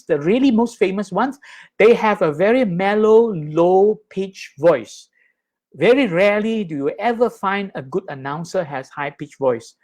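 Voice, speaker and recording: A man teaching in a live Dhamma talk, conversational and animated, often checking in with his listeners. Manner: animated, acts out high and low sounds with his voice. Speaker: Buddhist teacher.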